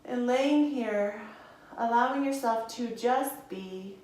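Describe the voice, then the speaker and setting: A woman's voice: fairly high pitch, slow, a little mellow. Soothing woman guiding a yoga class. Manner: soothing, encouraging, calls listeners friends. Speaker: yoga teacher. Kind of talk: guided yoga instruction. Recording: echoey room from a distance.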